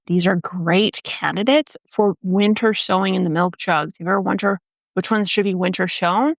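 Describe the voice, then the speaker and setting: A woman's voice: mid-range voice, fairly bright tone, no room sound, studio quality. Chatty woman teaching gardening. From Canada. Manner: chatty, joking asides, listing items. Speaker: gardening channel host. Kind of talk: casual instructional talk to camera.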